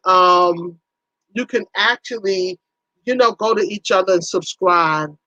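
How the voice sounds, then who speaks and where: A woman's voice: medium pitch, a bit bright, no echo, lo-fi sound. A woman hosting a casual livestream, chatting in a folksy way with her viewers and acting out little conversations. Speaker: livestream host.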